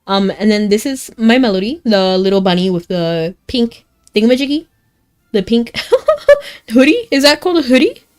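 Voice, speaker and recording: Young woman streaming, rambly giggly chat, faint game music underneath. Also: fairly high pitch. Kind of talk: casual live-stream chat.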